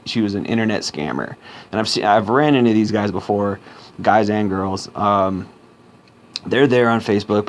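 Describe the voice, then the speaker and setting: A man's voice: on the low side, a little hiss or hum. A man talking in a casual vlog monologue, blunt and rambling, with many repeats and restarts. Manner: blunt and informal, with a short laugh now and then. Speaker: vlogger.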